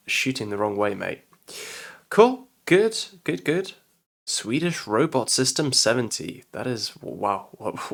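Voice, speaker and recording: Gravelly British man, enthusiastic commentary. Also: lowish voice, fairly bright tone. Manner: enthusiastic, rambling, swears casually. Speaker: game commentator. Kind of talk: casual gaming commentary.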